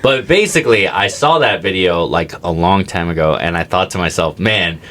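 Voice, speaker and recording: A man's voice: deep voice, fairly quick, fairly bright tone, a little hiss or hum. A young man co-hosting a casual comedy podcast, rambling through stories with lots of "like" and "dude". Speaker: podcast co-host.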